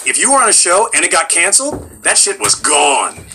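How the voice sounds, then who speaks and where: A man's voice: high voice, sing-song, a little fast, pushed and bright, a little hiss or hum, rough recording. A middle-aged male voice actor in casual interview chat, a wry, self-deprecating storyteller.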